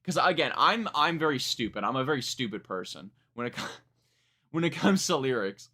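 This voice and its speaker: Bright-voiced young man rambling through a reaction. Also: medium pitch, very animated, normal speed. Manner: rambling, self-correcting, frank and profane. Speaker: music reaction streamer. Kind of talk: casual live reaction commentary.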